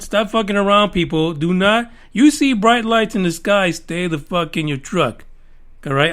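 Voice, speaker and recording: A man's voice: sits high, a bit bright. A middle-aged man hosting a podcast, talking casually in a rambling, jokey way, with a lot of swearing. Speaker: podcast host.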